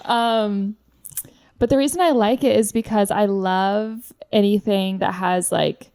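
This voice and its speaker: An upbeat woman co-hosts a casual podcast. Her voice has a lot of vocal fry and sits at a middle pitch. The sound is close and dry, with no room. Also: steady tone, darkish tone, no room sound. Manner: upbeat, drawn-out phrasing with many likes. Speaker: podcast co-host. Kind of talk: casual chat.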